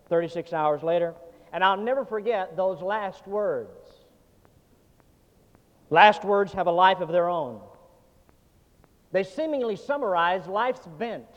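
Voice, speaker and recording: A man preaching a sermon as pastor, dramatic and swinging from loud to hushed. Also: high-pitched. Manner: dramatic preaching with sweeping shifts in volume. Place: church sanctuary. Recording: dull lo-fi sound in a reverberant hall.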